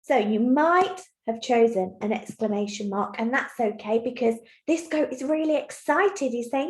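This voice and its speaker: A woman teacher giving a recorded online lesson to young children, explaining clearly, patiently and encouragingly. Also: a little high, moderate pace, few pauses, a little mellow. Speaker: primary school teacher. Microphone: computer mic while screen sharing. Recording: echoey room.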